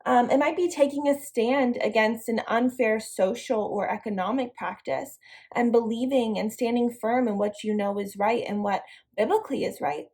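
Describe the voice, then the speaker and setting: A woman's voice: a little high, fairly even intonation, moderate pace, a little mellow. A young woman leading an online devotional lesson for a girls' youth group, upbeat and encouraging as she speaks straight to the girls.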